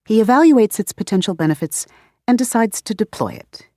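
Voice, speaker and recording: A woman narrating an audiobook in a measured, expressive reading style. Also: a little high, no room sound, studio quality. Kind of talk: scripted narration.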